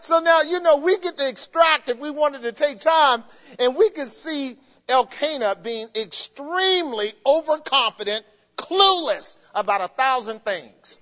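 A man preaching in a high, light voice, animated and quick to laugh and to mimic the people in his story. His words ring out through a large hall with a long echo, and the recording sounds muffled. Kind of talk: sermon.

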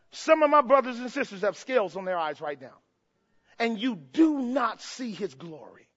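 A male preacher delivering a fervent sermon, swinging from hushed tones to shouts and putting rhetorical questions to the congregation. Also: very high-pitched. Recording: dull lo-fi recording.

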